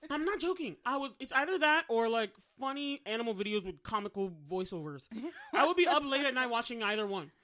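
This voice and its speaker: A woman's voice: on the high side, lively intonation, brisk, fairly bright tone. Playful laughing woman podcast co-host. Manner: playful, bursts into song, laughs often. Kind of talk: casual chat.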